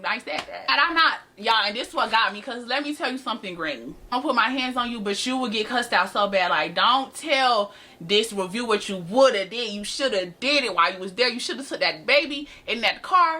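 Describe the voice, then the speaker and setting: A woman's voice: a little high, pushed and bright. An eighteen-year-old woman telling a sassy storytime vlog to her viewers, talking to them as y'all. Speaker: vlogger.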